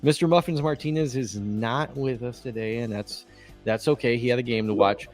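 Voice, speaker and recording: A Texan man co-hosting a laid-back podcast chat in a mid-range voice. He rambles, trips over restarts and fills pauses with "uh" and "um". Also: medium pitch, darkish tone, faint music behind. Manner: rambling, with many fillers and restarts. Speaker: co-host.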